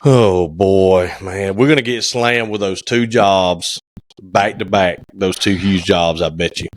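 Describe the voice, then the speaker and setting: A man with a low, slightly slow voice, recorded with no room sound, co-hosts a casual podcast chat. He's a cabinet maker and a folksy storyteller who acts out phone calls as he tells his stories.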